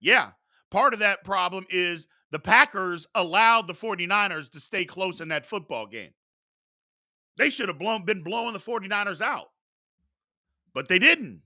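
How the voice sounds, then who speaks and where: Fired-up high-voiced sports talk host. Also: male voice, animated, moderate pace, pushed and bright, no room sound, studio quality. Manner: emphatic, repetitive, blunt and fired up. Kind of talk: opinionated sports talk rant.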